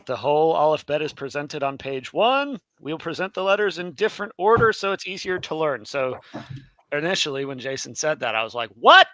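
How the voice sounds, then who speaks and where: A man's voice: fairly high pitch, expressive, fairly quick, fairly bright tone, dry recording. A man teaching a live Hebrew alphabet lesson in a chatty way, correcting himself as he goes. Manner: chatty, self-correcting, laughs easily.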